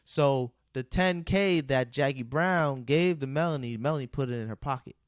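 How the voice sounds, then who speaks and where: A man with a mid-range voice, speaking at a normal speed, co-hosts a casual podcast where he recaps a movie scene by scene. He acts out the characters' lines and laughs often, and the audio is studio quality with no echo.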